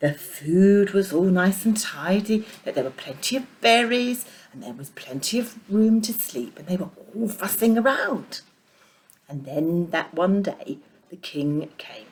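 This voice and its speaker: A woman leading junior church, telling a children's Bible story with puppets in a playful, animated way. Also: on the low side, a little slow.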